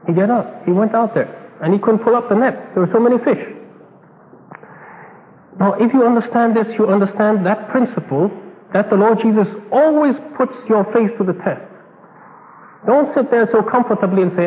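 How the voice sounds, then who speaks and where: A high-voiced man preaches a sermon, animated and full of rhetorical questions and acted-out dialogue. The sound is thin and phone-like, with long reverb from a hall and a faint hiss. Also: brisk. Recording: tinny echoey hall recording, faint hiss.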